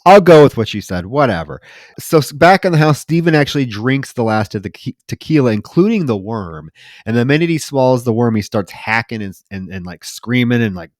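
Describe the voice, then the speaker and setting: Brief: male podcast co-host, mid pitch, dry close sound, chatty scene recap. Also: expressive, a little fast, dry recording. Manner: retells scenes acting out lines, filler-heavy. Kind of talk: casual movie recap chat.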